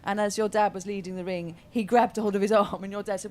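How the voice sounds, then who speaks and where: A woman's voice: medium pitch, fast, hardly any pauses. A woman, an interview guest, telling an amused, chatty anecdote.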